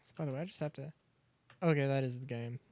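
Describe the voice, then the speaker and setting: A man's voice: mid-range voice, quick pace, darkish tone, no room sound. A young man streaming a survival game, rambling through chatty asides and cutting himself off mid-thought. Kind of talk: casual gaming commentary.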